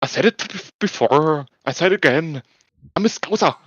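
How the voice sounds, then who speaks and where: A man's voice: a little high, expressive, moderate pace, fairly bright tone, no room sound, lo-fi sound, pitched above the performer's own voice. A man doing an impression of a boastful MMA fighter from Liverpool, declaiming proudly with a Liverpool accent. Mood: triumphant. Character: boastful male MMA fighter after winning.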